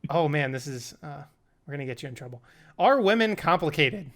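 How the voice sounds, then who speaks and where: Bright-voiced young man quizzing a friend. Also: on the high side, animated, a little fast. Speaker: podcast co-host. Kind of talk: casual chat, quick-fire questions.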